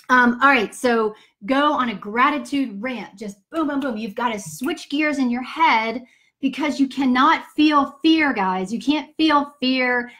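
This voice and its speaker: A woman talks straight to her viewers on a live stream from her home office. Her voice sits a little high, and she stays upbeat and chatty. She drops in casual swearing and a folksy "y'all" as she answers questions. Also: fairly bright tone. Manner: upbeat, chatty, greets viewers mid-sentence. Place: home office with pets nearby. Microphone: computer or phone for a live stream.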